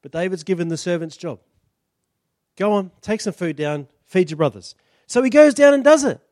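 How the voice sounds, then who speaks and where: Male preacher, high voice, animated sermon storytelling. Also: no echo, clean studio sound. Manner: animated storytelling, acting out characters.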